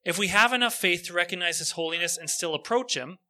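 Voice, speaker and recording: A male preacher telling a story in a sermon, earnest and slowing down for emphasis. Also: high voice, bright, forceful tone.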